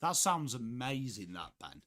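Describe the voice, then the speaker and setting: A man's voice: medium pitch, sing-song, a little slow, bright, forceful tone. A young man from England, chatting casually on a live sports watchalong, reading out viewers' messages and swearing offhandedly. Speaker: livestream host.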